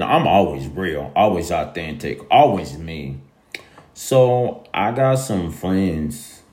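A young man with a very deep voice speaks in an unhurried, rambling way. He is emphatic and slangy and keeps repeating himself as he talks to his listeners. The room around him is echoey. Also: a little mellow. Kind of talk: casual monologue to listeners.

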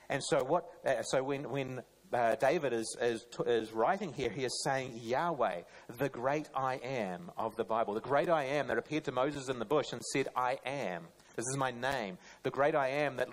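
A man's voice: medium pitch, low-quality recording. A man preaching a conversational sermon, earnest and plain-spoken, often restarting mid-phrase.

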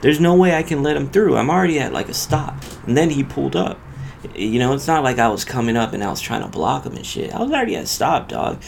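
A man's voice: mid-range voice, sing-song, fast talker, creaky, a little hiss or hum. A male podcast host casually telling a profane road-rage story in loose street slang.

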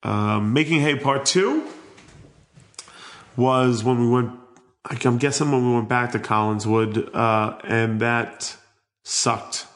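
Brief: male podcast host, mid pitch, loose and joking. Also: slow, pauses often. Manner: rambling, joking intro. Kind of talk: casual chat.

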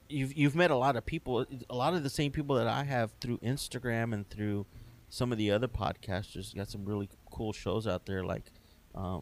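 A man's voice: on the low side, slight background noise. A middle-aged man hosting a podcast interview, easygoing and hesitant with many ums. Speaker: podcast host. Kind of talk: casual interview.

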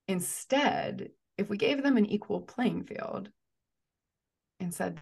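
A woman speaking as a therapist guest in a podcast interview, thoughtful and measured, often restarting her sentences. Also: medium pitch, vocal fry, darkish tone, husky.

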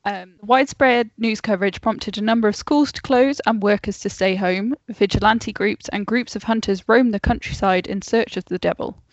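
A woman co-hosting a podcast over a video call, reading facts aloud in a casual, unhurried way and laughing off interruptions. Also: mid-range voice, no echo. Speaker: podcast co-host telling the story. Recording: dull lo-fi call audio.

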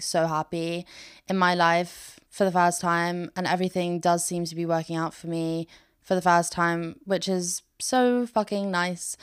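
A woman's voice: fairly low pitch, a bit bright, clean tone, no room sound, studio quality. A young British woman in her twenties hosting a podcast, chatting in a rambling, bubbly way with lots of "like". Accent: British English. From Britain. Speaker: podcast host. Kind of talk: casual chatty monologue.

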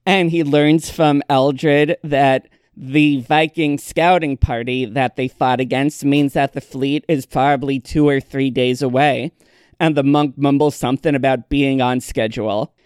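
Man, podcast recap, slow deliberate delivery, smooth clear voice, dead-dry sound. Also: medium pitch, fairly even intonation, darkish tone, no echo. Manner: dry plot summary with wry asides. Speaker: podcast host recapping episodes. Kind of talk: casual recap narration.

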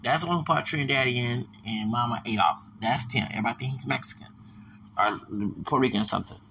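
Gravelly, tense-voiced man in his 40s; rambling solo podcast, lots of restarts. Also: mid-range voice, quick pace, bright, forceful tone, slight background noise. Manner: digressive, repetitive, stumbling restarts.

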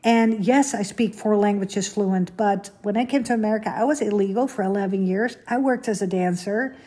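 A woman's voice: mid-range voice, moderate pace, mellow, slightly rough. A middle-aged woman from the Netherlands hosting a podcast, chatting casually and confidingly and turning questions to the listener. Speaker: podcast host. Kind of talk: casual solo podcast chat.

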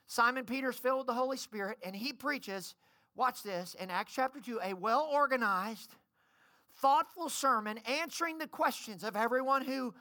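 A woman preaches to her congregation with urgent, pleading passion. Her voice sits high and rings sharp and bright, and it climbs into shouts. It is a fiery church sermon. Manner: impassioned and pleading, rising to shouts. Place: church service.

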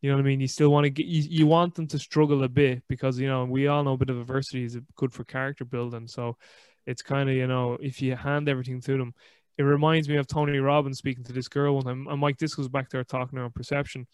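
Man, podcast host, casual chat, smooth resonant tone, fairly flat delivery, dry close sound, rambling storyteller. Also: mid-range voice, fast talker, no room sound. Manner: rambling, restarts often, animated storytelling.

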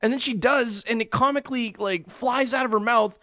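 A man's voice: extremely high pitch, a little fast, sharp tone. A man co-hosting a casual podcast chat, swearing freely and laughing often. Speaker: podcast co-host.

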